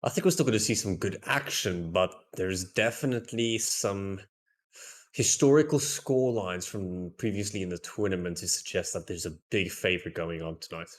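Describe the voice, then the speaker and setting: A man co-casting esports, walking through stats in a measured, wry way. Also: sits low. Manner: measured, stat-focused, wry. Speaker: esports analyst co-caster. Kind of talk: pre-match stats analysis.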